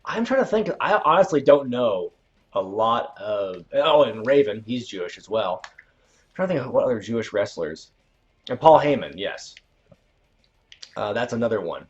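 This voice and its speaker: Chatting through a video game on his casual livestream, this channel host wanders in his talk, backtracks to fix what he said, and erupts loudly at the game now and then. He has a mid-range, very animated voice at a moderate pace, heard through dull audio.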